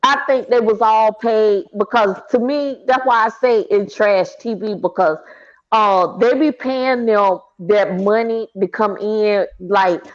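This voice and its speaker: A woman's voice: mid-range voice, unhurried, highs cut off. A woman in casual chat, telling stories with hollers and laughter over call audio. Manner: animated storyteller, hollers and laughs.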